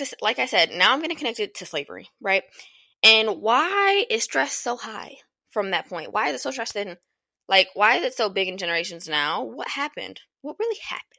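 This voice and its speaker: A woman's voice: mid-range voice, bright, forceful tone, no echo. A young woman hosting a podcast, giving casual advice in a blunt, emphatic way, swearing freely and repeating lines for emphasis. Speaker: podcast host.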